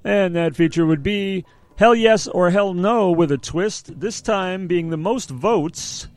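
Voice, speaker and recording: A man's voice: sits high, slow pace, no echo. A man co-hosting a music show in casual chat, rambling and self-deprecating, often restarting his sentences.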